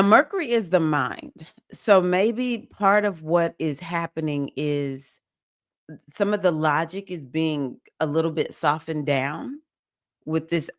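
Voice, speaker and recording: Greeting her viewers one by one, an astrology reader hosts a relaxed livestream, talking through the week's stars with chatty emotion. Her voice sits low, and the studio sound is clean without any echo.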